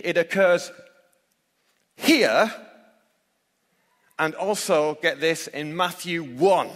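Preacher in a big reverberant church. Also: male voice, on the high side, a bit bright. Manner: emphatic, asks the listeners rhetorical questions. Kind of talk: sermon. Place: church hall.

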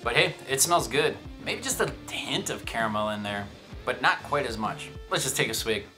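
A man's voice: medium pitch, lively intonation, normal speed, over music. A man giving a casual whiskey tasting review, chatty and self-amused, with joking asides. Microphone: shotgun microphone.

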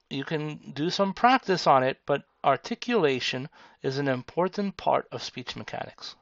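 A man teaching a tutorial, speaking slowly and deliberately. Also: fairly high pitch, no room sound. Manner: slow, deliberate, demonstrative. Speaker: speaking instructor. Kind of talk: tutorial explanation. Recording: dull lo-fi sound.

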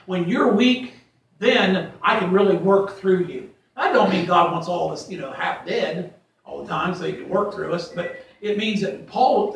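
Folksy male Bible teacher from Ohio with a high voice, rambling between emphatic scripture readings; echoey room, mic far off. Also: vocal fry, a bit bright. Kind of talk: informal Bible study teaching.

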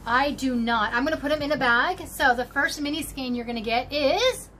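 A chatty woman with a high, bright voice rambles happily to her viewers, full of little exclamations as she rummages through things. A faint hiss of background noise sits under her talk. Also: moderate pace. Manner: chatty, bubbly, talks to viewers while rummaging. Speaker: crochet channel host. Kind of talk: casual show-and-tell vlog.

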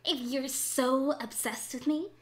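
A woman's voice: high voice, steady tone, slow. A woman voicing a spiteful winged female fae villain who curses and sneers at humans, in a narrated Minecraft role-play. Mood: scornful. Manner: scornful, cursing, looks down on humans.

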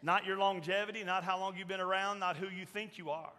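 High, bright-voiced preaching man in a reverberant church. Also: steady tone, fairly quick. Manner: emphatic preaching, swings from loud shouts to soft quoted asides. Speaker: pastor. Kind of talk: sermon. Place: church sanctuary.

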